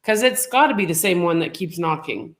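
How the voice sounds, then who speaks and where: Middle-aged woman chatting on a morning livestream, reading comments out, relaxed. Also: lowish voice, brisk. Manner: reads viewer comments aloud, chatty. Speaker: co-host of a livestream show. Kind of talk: casual chat.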